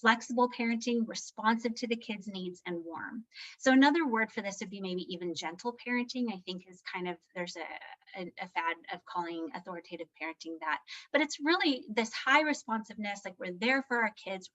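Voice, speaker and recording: A woman leads a parenting talk in a relaxed, conversational way and keeps tagging her points with a quick "right?". She is candid and self-deprecating about her own slips. The recording sounds slightly dull and lo-fi, and her voice sits at a medium pitch. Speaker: parenting workshop presenter. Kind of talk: live presentation.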